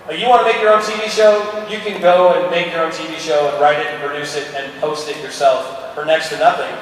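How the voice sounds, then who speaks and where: A man's voice: on the high side, steady tone, a little fast, slight background noise. A man on a convention panel giving rambling, encouraging advice to fans with plenty of enthusiasm. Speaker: actor and panel guest. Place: large convention hall. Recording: echoey convention hall from far off.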